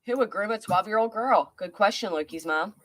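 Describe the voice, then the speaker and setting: A woman's voice: medium pitch, brisk. A woman doing live reaction commentary, chatty and reading viewer comments aloud. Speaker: commentary streamer.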